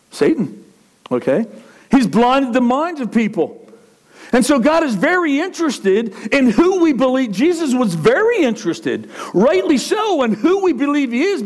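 A man preaching a sermon in a conversational, animated way, often checking in with asides to his listeners. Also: very high voice. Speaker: pastor.

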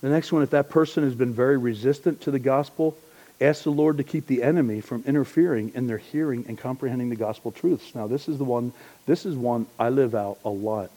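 A man preaching a sermon as pastor, conversational and joking, swinging between loud emphasis and hushed asides. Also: medium pitch, brisk, rough recording.

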